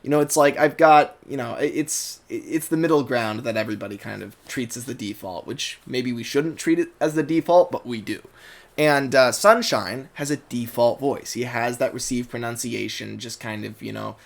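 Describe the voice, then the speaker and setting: A man with a General American accent, medium-pitched and creaky, talks at normal speed while reviewing a cartoon dub as a YouTuber. His casual, meandering commentary keeps restarting and is packed with fillers.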